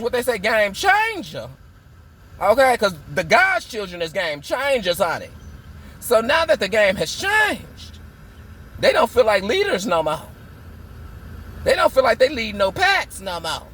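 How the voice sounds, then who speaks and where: A man's voice: extremely high pitch, fairly bright tone, slight background noise. A man from Michigan ranting in a sassy, dramatic casual vlog, drawing out words for emphasis. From Muskegon, Michigan. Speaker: vlogger. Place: car, in a parked or moving vehicle.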